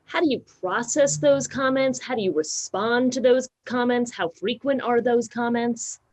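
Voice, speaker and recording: A woman host moderating a roundtable, asking her questions in a measured way. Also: on the high side, a little mellow. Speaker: interviewer host. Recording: dull lo-fi sound.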